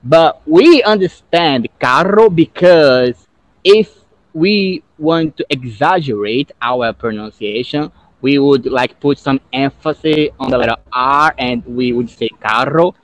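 A man whose first language is Portuguese talks slowly and with care during a casual English practice call. His voice sounds close and dry. He laughs often while he explains how words are pronounced. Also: mid-range voice, dry recording. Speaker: English learner. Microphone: video call.

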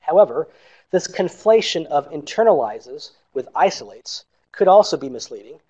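A man's voice: on the high side, lively intonation, mellow. A man presenting an academic paper, reading steadily and marking each quotation aloud. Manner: measured reading with quotes marked aloud. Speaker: scholar presenting a conference paper. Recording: dull lo-fi recording.

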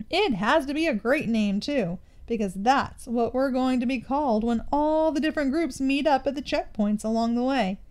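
A woman's voice: fairly high pitch, mellow. A woman teacher reading a children's novel aloud to her students. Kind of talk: storybook read-aloud.

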